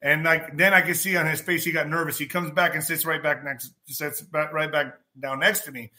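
Bright-voiced man telling a story. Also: on the high side, brisk. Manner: animated, acts out quotes, swears. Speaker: podcast host. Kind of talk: casual storytelling.

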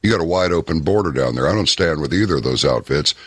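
A man talking as a guest in an interview, telling stories in an emphatic, deliberate way. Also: very deep voice, lively intonation, breathy edge, no room sound, studio quality. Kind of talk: casual interview talk.

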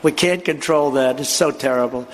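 A man's voice: mid-range voice, moderate pace, a little hiss or hum. A man giving a rambling, anecdotal speech at a live event, boastful and digressive, acting out dialogue as he tells the story. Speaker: political speaker at a live event.

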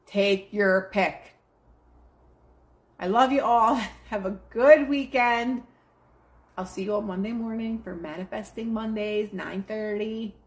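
A woman's voice: medium pitch, takes it slowly. A woman hosts a live stream and delivers a casual motivational pep talk. She preaches in a blunt, emphatic way and swears freely as she addresses her chat.

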